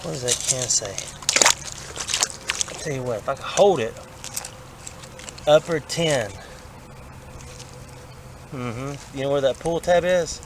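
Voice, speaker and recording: A man's voice: mid-range voice, slow pace, pauses often. Chatty man at a creek. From Alabama. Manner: chatty, excitable, talks to himself while searching. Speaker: vlogger. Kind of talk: casual outdoor narration. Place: outdoors at a creek. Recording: outdoor recording with clear background noise.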